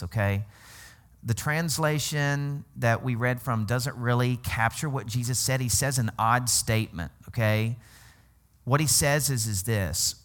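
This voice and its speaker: A man's voice: mid-range voice, fairly bright tone. A man from Arkansas preaching a sermon as pastor, in a conversational way, often checking in with "okay?" and laughing as he teaches.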